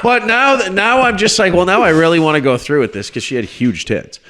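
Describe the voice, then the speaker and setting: A man on a podcast telling a story to friends in a casual, animated way, swearing freely and acting out the people he quotes. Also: on the high side, a little fast. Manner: animated, swearing, shouts when quoting people.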